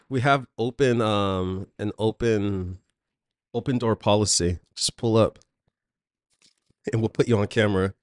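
A man's voice: on the low side, slow, long pauses, dry recording. A man co-hosting a podcast in a studio, laid-back and chatty, laughing often and trailing off mid-sentence. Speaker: podcast co-host. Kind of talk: casual chat.

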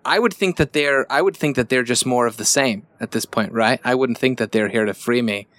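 A man's voice: mid-range voice, a little fast, a bit bright. A man playing a tabletop game, describing his character in a hesitant way with many restarts. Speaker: player.

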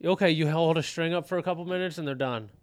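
Smooth-voiced young man, jokey chat. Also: fairly high pitch, fast talker, dry recording, clean studio sound. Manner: laid-back, jokey, slangy. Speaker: podcast co-host. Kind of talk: casual chat.

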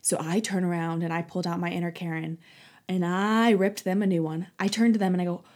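A young woman in her twenties hosting a casual solo talk show, telling a story in a chatty, animated way with lots of "like" and "um" and frequent laughter. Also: on the low side, fairly quick. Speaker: podcast host.

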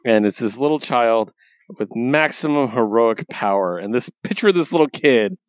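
A man hosting a casual podcast, animated and profane as he acts out scenes from a comic. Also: mid-range voice, normal speed, no room sound, studio quality. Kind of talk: casual comic book chat.

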